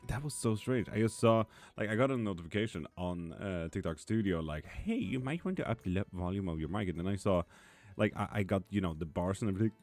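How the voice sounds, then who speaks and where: A man's voice: deep voice, expressive, quick pace, darkish tone, faint music behind. A man hosting a live tarot stream, chatting casually and bluntly as he answers viewers by name. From Sweden. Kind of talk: casual live-stream chat reading comments. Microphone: streaming mic.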